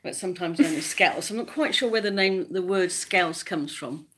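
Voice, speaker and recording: A woman's voice: lowish voice, normal speed, fairly bright tone, slight background noise. A woman co-hosting a casual livestream chat, explaining things at length in a chatty way and laughing often. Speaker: livestream co-host.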